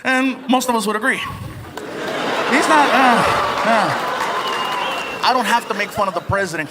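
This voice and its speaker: A man performing a stand-up comedy set on a theater stage, animated and playful, slipping into voices. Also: very high voice, normal speed, long reverb tail, heavy background noise. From United States. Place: large theater with live audience. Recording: live stage recording with loud crowd.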